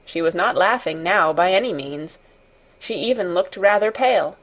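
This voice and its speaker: A woman's voice: on the low side, normal speed. Woman narrating an audiobook. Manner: expressive storytelling. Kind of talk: scripted narration.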